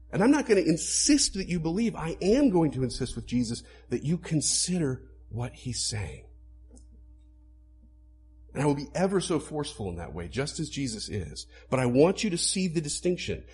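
A man preaching a sermon to a congregation, animated, acting out quoted lines as he explains. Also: on the high side. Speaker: pastor.

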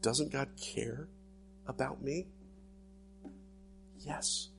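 A pastor preaching a sermon, animated, acting out inner thoughts dramatically. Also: male voice, lowish voice.

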